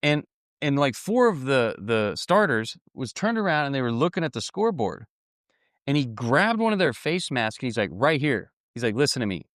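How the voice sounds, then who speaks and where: A man's voice: medium pitch, sing-song, normal speed, a bit bright, no room sound, clean studio sound. A man giving a blunt, folksy motivational talk on building an online business, with lots of restarts and repetition.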